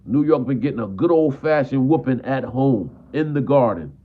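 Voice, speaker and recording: A man's voice: medium pitch, expressive, moderate pace. A man ranting as a frustrated basketball fan on a live stream. He repeats himself and drops "man" at the end of almost every line. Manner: frustrated, repetitive, peppers talk with "man". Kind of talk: live stream sports rant. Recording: tinny phone-like audio.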